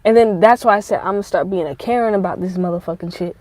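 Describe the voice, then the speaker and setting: A woman rambles through a profane, animated story in a casual vlog. Her voice is warm and mellow, and the recording is dry and close. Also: on the low side, fast, hardly any pauses, dry recording, rough recording. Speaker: vlogger.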